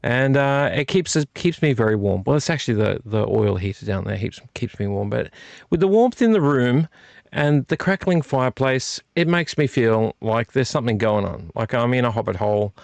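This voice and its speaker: A man talks straight to camera from a room at home, rambling playfully and looping back over his own phrases. His voice has a gravelly, fry-tinged edge, and the sound is close and dry with no room echo. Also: mid-range voice, animated, normal speed. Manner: playful, repeats phrases, silly wordplay. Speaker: vlog host. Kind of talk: casual rambling chat to camera. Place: home room with fire on a TV and a heater. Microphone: desk microphone.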